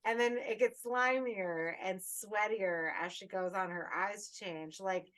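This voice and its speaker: A woman co-hosting a podcast in casual chat, animated and rambling, swearing freely, on a remote call. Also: medium pitch, slow. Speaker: podcast co-host.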